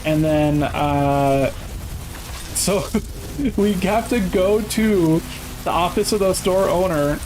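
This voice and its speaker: A man's voice: sits high, poor audio. A man telling a long, profane workplace story in casual chat with friends. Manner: profane storytelling, quick bursts. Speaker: streamer.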